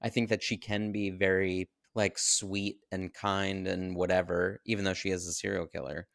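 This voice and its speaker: A man with a low, gravelly voice, co-hosting a podcast and chatting loosely about a film. He fills his talk with likes and you-knows. The sound is dry and close. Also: level tone, moderate pace, fairly bright tone, no echo. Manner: loose, filler-heavy commentary. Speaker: podcast co-host. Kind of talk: casual chat about a film.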